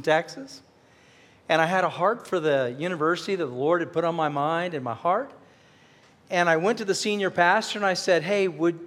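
A middle-aged pastor preaches in a notably high voice. He tells a personal story with earnest warmth and presses his points with fervent emphasis. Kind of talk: sermon.

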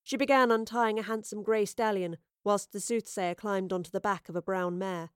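Woman narrating a story, mid-pitched voice, steady and expressive, dry close sound. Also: moderate pace, clean tone, no echo. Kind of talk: storybook reading.

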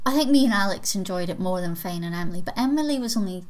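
A woman's voice: mid-range voice, expressive, fast. Chatty woman podcast co-host. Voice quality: chatty, giggly, tells corny jokes. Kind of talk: casual chat.

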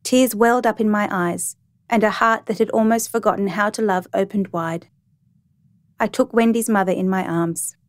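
Woman reading a story out loud, calm and reflective, dry close sound. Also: mid-range voice, normal speed, no echo. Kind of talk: storybook narration.

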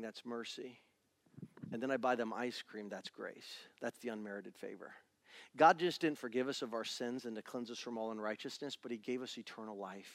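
A middle-aged male pastor preaching a sermon in a church, animated and acting out little family scenes. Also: medium pitch, no echo, studio quality. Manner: animated, acts out family scenes in different voices.

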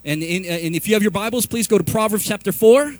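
A middle-aged man preaching a sermon in an animated, confessional way, telling stories and restarting often. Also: high voice, fast, a little hiss or hum. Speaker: pastor.

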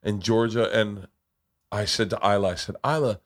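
A middle-aged man hosting a podcast, telling stories in a lively casual way, acting out quotes and swearing. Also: fairly low pitch, moderate pace. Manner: animated storyteller, swears, acts out quotes. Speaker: podcast host. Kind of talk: casual storytelling chat.

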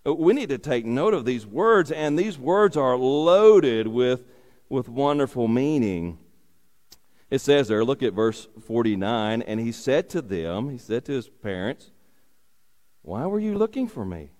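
A man's voice: medium pitch, animated, measured pace, a little mellow. A man preaching a sermon as a pastor, repeating key phrases for emphasis and asking rhetorical questions. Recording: long hall reverb.

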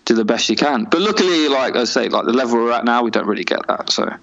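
A man's voice: medium pitch, expressive, quick pace, a bit bright, slight background noise. A man who works as an event videographer, chatting casually and telling exasperated stories with frequent laughter. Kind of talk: casual chat. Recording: dull lo-fi call audio.

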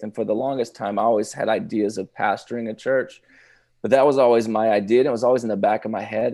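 A man, a pastor telling his personal testimony in casual conversation, halting with many restarts and laughing now and then. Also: on the low side, mellow.

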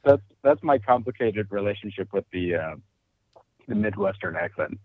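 A man's voice: fairly low pitch, lively intonation, normal speed, no room sound. A laid-back man co-hosting a casual podcast chat. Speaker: podcast co-host. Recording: tinny phone-like audio, dry.

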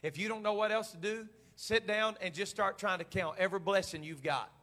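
A man's voice: sits high, brisk, pushed and bright. A middle-aged man preaching a sermon as pastor, in a folksy, plain-spoken way full of repetition.

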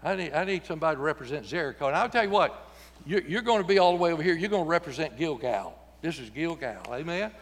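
A man's voice: fairly high pitch, animated, quick pace, long reverb tail. A man preaching a sermon in a church, folksy and joking, acting out voices when he quotes people. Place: church sanctuary.

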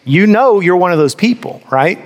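A man preaching a sermon as pastor, animated, asking rhetorical questions and slipping into mock voices. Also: high voice, normal speed. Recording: long reverb of a large hall.

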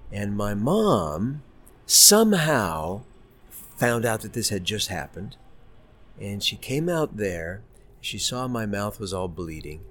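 Low-voiced man telling a childhood story. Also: a bit bright, slight background noise. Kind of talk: reflective interview.

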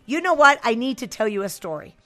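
Bright, chatty woman host. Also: on the high side, sing-song, fast, soft background music. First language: Spanish. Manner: chatty, playful storytelling. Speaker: radio host. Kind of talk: casual bilingual interview.

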